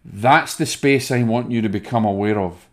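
A man with a Scottish accent hosting a spiritual podcast, calmly guiding listeners through a breathing exercise. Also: on the low side, normal speed. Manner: soft, soothing, guiding breathing. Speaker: podcast host, medium. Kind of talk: spiritual self-help talk.

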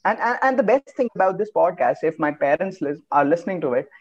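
Here the voice is high-pitched, with the upper frequencies cut off. An Indian man joins a podcast by video call as a guest, joking around casually, laughing a lot, and talking in fast, excited spurts.

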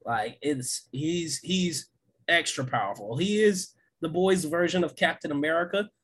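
A man co-hosting a podcast, talking in a casual, excitable way with lots of fillers and laughs. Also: a little high, measured pace, breathy edge. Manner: excited, laughs often, many fillers and restarts. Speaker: podcast co-host. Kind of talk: casual chat.

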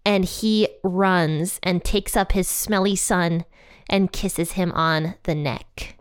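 A woman's voice: lowish voice, steady tone, slow pace, smooth. A woman giving an informal sermon, speaking in an earnest, conversational and emphatic way. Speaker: speaker giving a church talk.

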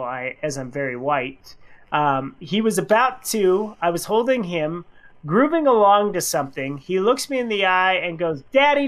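A man co-hosting a radio show, reading funny listener anecdotes in casual chat and acting out the quoted lines with big pitch jumps. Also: a bit bright. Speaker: radio co-host.

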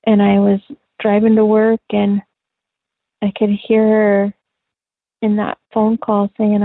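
A middle-aged woman with a husky, gravelly voice tells a personal story softly and haltingly, with many pauses and fillers. Her pitch stays flat and even. The sound is thin and tinny, like a phone line, and dry. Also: dry recording. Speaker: interview guest.

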